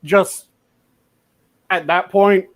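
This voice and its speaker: High-voiced man, casual and profane. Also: fairly even intonation, extremely slow. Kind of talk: casual chat.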